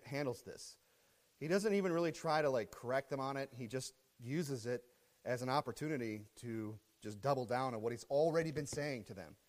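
A man preaching a sermon with fervor, reading scripture loudly and often checking in with the congregation. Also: medium pitch, big-room sound. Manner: fervent preaching, reads scripture loudly, checks in with "okay?" and "right?". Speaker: pastor.

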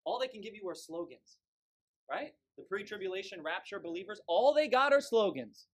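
A man preaching a sermon from the pulpit, forceful and emphatic, scornful toward those he condemns. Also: high voice, expressive, normal speed. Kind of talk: fiery sermon.

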